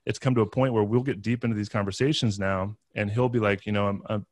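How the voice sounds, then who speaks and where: A man's voice: lowish voice, fairly even intonation, quick pace, dry recording. A man talking as a podcast guest, earnestly telling a personal story with frequent restarts and fillers.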